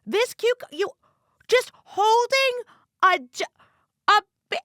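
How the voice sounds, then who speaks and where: A woman's voice: extremely high pitch, expressive, slow, sharp tone, no echo, studio quality. A woman co-hosting a podcast, retelling a crime show with playful sarcasm and silly voiced quotes. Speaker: podcast co-host. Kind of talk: casual true-crime recap chat.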